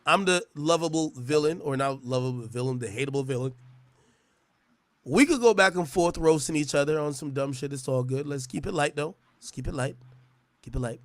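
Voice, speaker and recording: A man's voice: a little high, fairly quick, no echo. A man delivering a profane, mocking roast rant, often stammering and restarting his words. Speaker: internet personality. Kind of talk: trash-talking roast rant.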